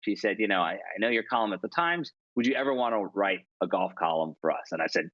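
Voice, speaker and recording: A man in his forties tells stories as a podcast guest, low-pitched and chatty, with an easy self-deprecating humor. His voice comes over a dull, dry remote line with no room sound. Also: fast, hardly any pauses, fairly bright tone, no echo. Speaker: columnist and author, podcast guest. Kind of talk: casual storytelling interview.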